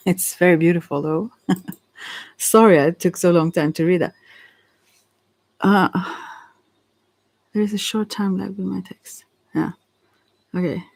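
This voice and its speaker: A woman with a Swedish accent, speaking English as a second language in a halting, casual chat, often correcting herself and laughing. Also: on the low side, creaky, darkish tone. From Sweden. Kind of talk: casual one-sided chat, reading aloud.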